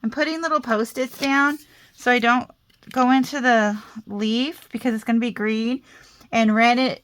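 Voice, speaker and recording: A fairly high, fairly bright, smooth voice carries this unhurried crafting host. She has a mild Southern American accent and a chatty, self-deprecating way of running her casual tutorial, talking to herself as she works.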